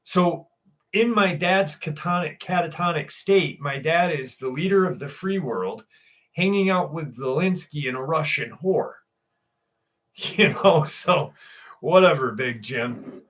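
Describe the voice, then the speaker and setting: Slow, rambling man hosting a livestream. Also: on the high side, lively intonation, fairly bright tone. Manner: rambling, many fillers and restarts. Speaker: livestream host. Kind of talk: casual livestream chat.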